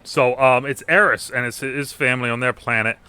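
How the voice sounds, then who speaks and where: Bright-voiced man recapping a movie. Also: medium pitch, steady tone, a little fast, clean tone. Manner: rambling recaps with acted-out quotes and many ums. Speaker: podcast host. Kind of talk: casual movie review chat.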